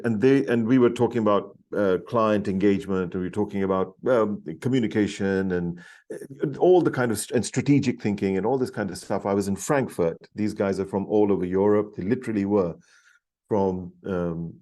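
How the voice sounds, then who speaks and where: A middle-aged man speaks as a podcast guest, telling a story with eager, animated energy. His voice sits on the low side and sounds warm and mellow. He trips over his words and restarts often, pushing ahead in his excitement. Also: moderate pace. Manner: animated, enthusiastic, many restarts. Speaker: podcast guest, leadership author. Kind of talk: storytelling in an interview.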